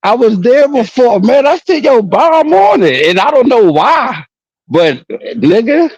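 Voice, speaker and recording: A man's voice: very high-pitched, sing-song, a little slow, a little mellow, husky, no echo, dull audio. A man in a casual chat, reacting with short remarks and laughter.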